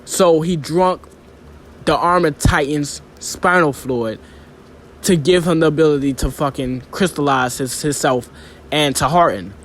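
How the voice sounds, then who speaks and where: A man's voice: fairly high pitch, measured pace, fairly bright tone, a little hiss or hum. A young man giving a casual, rambling and profane manga review, full of filler phrases.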